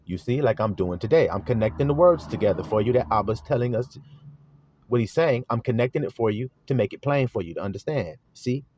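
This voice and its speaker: A man's voice: mid-range voice, animated, fairly quick, a little mellow, slight background noise. A man preaching a sermon to his flock, repeating key words like a chant and firing rhetorical questions. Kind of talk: sermon teaching. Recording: dull lo-fi dry recording.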